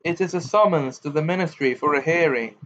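A man's voice: on the high side, fairly bright tone, slight background noise, lightly acted. A man voicing a stern, formal male ministry official who speaks firmly and politely, in a muffled home recording. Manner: firm, polite, measured.

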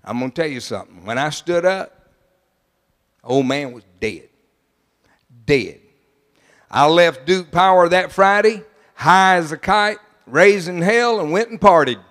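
An older man preaches in a high voice, driving his points home. He drops to quiet asides, then rises to loud declarations. A long reverb trails his words through the sanctuary. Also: lively intonation, measured pace, pauses often. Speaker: pastor. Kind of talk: sermon. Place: large church sanctuary. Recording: long church hall reverb.

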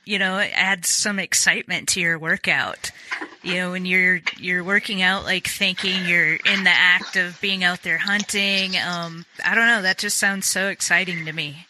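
A woman's voice: on the low side, steady tone, measured pace, sharp tone, a little hiss or hum. A woman hosting a podcast interview, upbeat and encouraging in a casual way. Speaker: podcast host.

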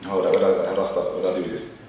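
Young man, laid-back and teasing, low voice, in a very echoey room with dishes clinking. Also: completely flat delivery, racing, a little mellow, far from the mic. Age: young adult. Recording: very echoey room, faint noise.

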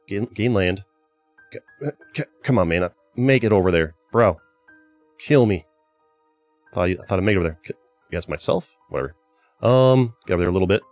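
A man hosting a gaming channel, giving casual gameplay commentary in a chatty way, with exasperated outbursts at his teammates. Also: low-pitched. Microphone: desk microphone.

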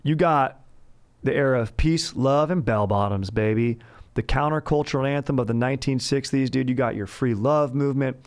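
A man voicing a sleazy grown man who cruises in his convertible, with a leering, loud, drawn-out delivery. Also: medium pitch, voice pushed up, natural voice. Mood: hyped.

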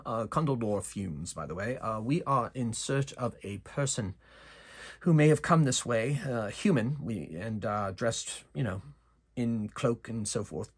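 A man's voice: mid-range voice, fairly bright tone, husky, full character voice. A man voicing a polite, rambling male wizard adventurer who hesitates often in a tabletop game. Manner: courteous and hesitant, full of uhs.

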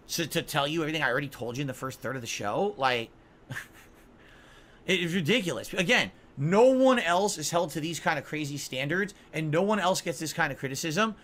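A man's voice: on the high side, animated, normal speed, fairly bright tone. A man in his forties, a gaming streamer, ranting defensively and scolding his audience on his podcast stream. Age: 40s.

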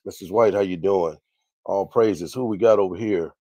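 A man's voice: deep voice, moderate pace, dark tone, no echo. A man hosting a livestream Bible teaching, greeting viewers one by one by name and often repeating his phrases. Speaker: minister and livestream host.

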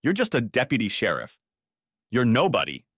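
A man voicing a furious, shrill woman who yells and curses, in a storybook reading. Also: wildly swooping pitch, normal speed, dry recording, studio quality, full character voice. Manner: yelling, cursing, shrill.

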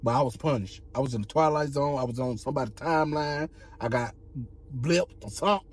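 A man telling a comic story on a couple's vlog, animated and laughing, slipping into slang and acting out other voices. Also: mid-range voice, brisk. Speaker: couple vlogger.

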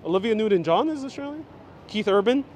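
A man leads a live walking tour in a fairly high voice, chatty and joking as he answers the live chat. He talks into a phone on a gimbal. Faint city noise and passing traffic sit behind him. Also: animated, fast, darkish tone. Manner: jokey, chatty, reacting to viewer comments. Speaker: host. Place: outdoors and in a busy city station. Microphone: handheld phone on gimbal.

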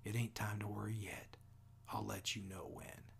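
A man reading as an anxious boy, a big brother who speaks in worried, hushed tones, with a gravelly voice. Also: fairly low pitch, level tone, normal speed, full character voice.

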